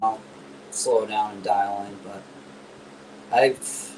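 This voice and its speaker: A man, a guest angler, talking casually about bass fishing and telling lively stories. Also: takes it slowly, slight background noise, rough recording. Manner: animated storyteller.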